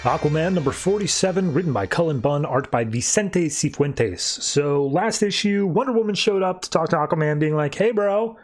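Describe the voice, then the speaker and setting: A man's voice: moderate pace, hardly any pauses, soft background music. A young man hosting a podcast, casually recapping and reviewing a comic issue, acting out the characters' lines with big jumps in his voice. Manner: animated retelling, acting out quoted lines with pitch jumps.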